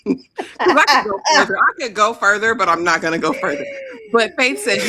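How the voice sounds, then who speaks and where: A woman co-hosting a casual show recap, telling the story in a dry, deadpan way. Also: fairly high pitch, brisk, breathy edge. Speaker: co-host.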